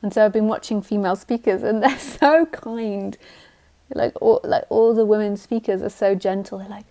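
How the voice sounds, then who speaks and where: Blunt woman teacher, mellow voice. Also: medium pitch, normal speed. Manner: blunt, direct, mocks the mind with silly voices. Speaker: spiritual teacher. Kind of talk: live spiritual talk.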